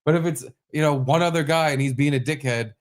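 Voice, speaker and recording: A young man co-hosting a podcast, telling a story with lots of swearing and animated bursts. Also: a little high, fast. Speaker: podcast co-host. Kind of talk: casual podcast chat.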